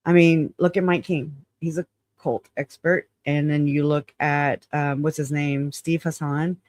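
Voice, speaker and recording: A man's voice: a little high, little pitch movement, unhurried, darkish tone, no echo. A man hosting his channel in casual livestream chat, frank and rambling, often laughing and hedging claims as alleged. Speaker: channel host.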